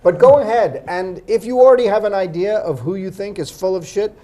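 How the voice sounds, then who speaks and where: A man's voice: sits high, brisk, dark tone. A man hosting a comedy game show, questioning his guests in a dry, wry way.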